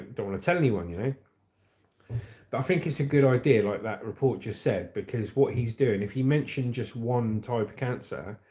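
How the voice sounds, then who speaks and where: A man's voice: mid-range voice, darkish tone. A man hosting a casual livestream, chatting in a rambling way and reading out viewer comments. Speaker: livestream host.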